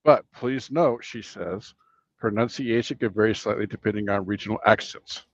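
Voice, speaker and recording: A man co-hosting a trucking livestream, calmly explaining news and reading answers aloud. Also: fairly low pitch, moderate pace, no room sound, muffled recording. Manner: calm, informative, reads answers aloud. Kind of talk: casual livestream chat.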